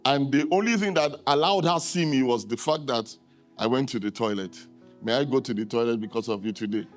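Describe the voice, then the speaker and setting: Middle-aged male pastor from Nigeria, sermon storyteller, mid voice, soft music underneath. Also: brisk. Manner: animated, acts out dialogue with sharp rises in pitch.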